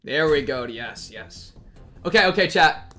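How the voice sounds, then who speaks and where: Excitable young male streamer. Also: fairly high pitch, a little slow. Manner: excitable, rambling with many fillers. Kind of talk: live reaction commentary.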